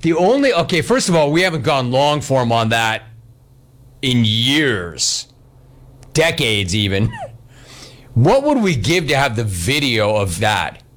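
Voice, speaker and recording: A man hosting a talk show, telling stories fast and doing voices. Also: mid-range voice, slight background noise. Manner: animated, fast, does voices. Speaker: radio talk show host. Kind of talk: casual storytelling and call-ins.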